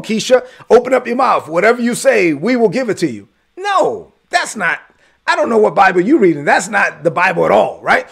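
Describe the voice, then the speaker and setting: A man preaching a sermon, teaching with emphasis, repeating words and building to shouted peaks. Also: sits high, gravelly, slightly rough. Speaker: pastor.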